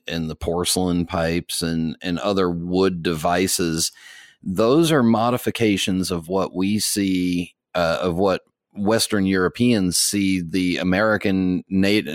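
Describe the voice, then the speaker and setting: A man's voice: low-pitched, no room sound, clean studio sound. A man talking as a pipe tobacco expert on a podcast, rambling with restarts and fillers. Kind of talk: casual podcast chat.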